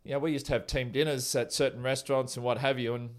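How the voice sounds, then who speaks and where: Ex-cricketer telling rambling stories. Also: male voice, mid-range voice, steady tone, quick pace. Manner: rambling, chuckling storyteller. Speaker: former cricketer, guest. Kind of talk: casual anecdotal interview.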